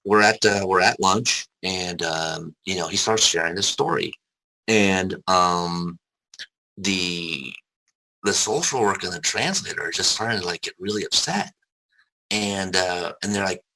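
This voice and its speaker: A man's voice: low voice, a little slow, sharp tone, poor audio. A young adult man, an interview guest, frankly telling personal stories with casual swearing and many restarts. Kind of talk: candid personal storytelling.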